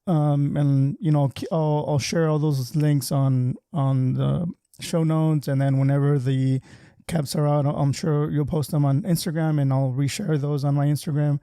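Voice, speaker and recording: A chatty man hosts a relaxed community podcast over a video call, trailing into fillers and restarts as he talks. His voice sits a little high and sounds dark and mellow, recorded close and dry with almost no room sound. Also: a little slow, clear, resonant tone, no echo. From Southern California. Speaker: podcast host. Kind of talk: casual interview chat.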